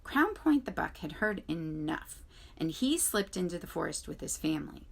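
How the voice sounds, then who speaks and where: Woman librarian, clear expressive read-aloud of a children's book for students. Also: sits low, normal speed. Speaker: school librarian.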